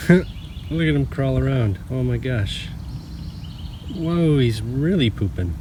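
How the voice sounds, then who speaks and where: A man's voice: mid-range voice, animated, slow pace, noisy background. A man hosting a gardening channel, stumbling over his lines, restarting and laughing at himself. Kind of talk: blooper reel of casual garden vlogging.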